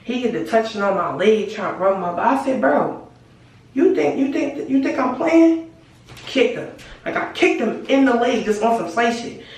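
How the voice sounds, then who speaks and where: A woman's voice: a little high, lively intonation, normal speed, darkish tone. A teenage girl telling a story to camera in casual chat, swearing freely and acting out the dialogue. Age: teens. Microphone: camera mic at a distance. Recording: very echoey room, far from mic.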